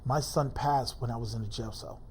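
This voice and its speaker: A man as an interview guest, telling a painful personal story in halting, informal speech full of fillers. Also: mid-range voice, a little hiss or hum.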